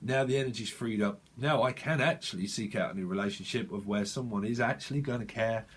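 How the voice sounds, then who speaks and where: A man's voice: lowish voice, a little fast, slight background noise. A man giving a casual tarot reading, rambling, swearing and talking straight to the viewer. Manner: rambling, swears, laughs often, talks to the viewer. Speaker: tarot reader.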